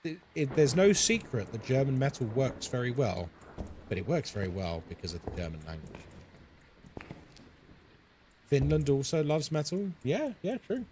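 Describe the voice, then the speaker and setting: A man's voice: mid-range voice, wildly swooping pitch, moderate pace, pauses often, darkish tone, a little hiss or hum. A young man streaming a horror game, chatting casually and playfully with his viewers as he plays. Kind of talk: casual live-stream chat while gaming.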